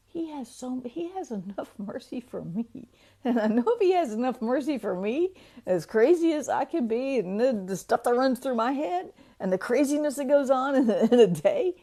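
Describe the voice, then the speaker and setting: A woman giving a casual devotional talk, chatty, laughing often and slowing down to read verses. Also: high-pitched, animated, warm tone. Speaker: devotional speaker.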